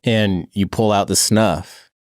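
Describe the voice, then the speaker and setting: A man's voice: fairly low pitch, steady tone, slow pace, clean tone, no room sound, clean studio sound. A man hosting a podcast, chatting in a laid-back way and laughing often. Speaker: podcast host. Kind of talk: casual chat.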